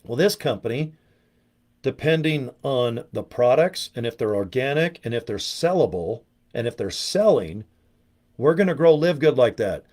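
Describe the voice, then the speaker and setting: A man giving a rambling, brash and profane motivational sales pitch, breaking into mocking voices as he goes. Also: lively intonation, normal speed, darkish tone. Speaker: network marketing promoter.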